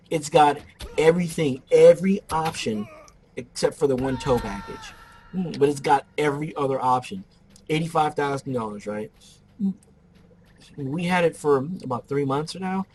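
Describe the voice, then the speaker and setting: A man's voice: fairly high pitch, darkish tone, husky, rough recording. A man giving casual gameplay commentary, rambling off into joking stories as he plays.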